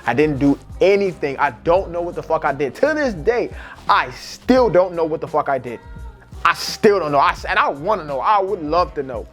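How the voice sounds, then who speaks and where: American man, fairly high voice, swearing storyteller, casual vlog, faint music behind. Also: normal speed. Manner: profane, animated storyteller. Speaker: vlogger.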